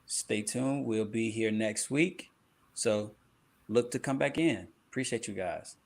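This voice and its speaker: A man's voice: lowish voice, a little slow, creaky. Upbeat man co-hosting a chat show. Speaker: podcast co-host. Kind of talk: casual interview chat.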